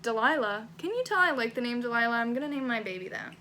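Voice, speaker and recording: Bright, candid young woman vlogger. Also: on the high side, lively intonation, quick pace, a little hiss or hum. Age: young adult. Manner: candid, swears freely, laughs at herself. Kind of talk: casual chat, reading her old writing aloud.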